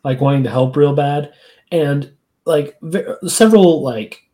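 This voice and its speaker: A podcast co-host in casual chat, animated and laughing, acting out quoted lines with big jumps in pitch. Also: measured pace.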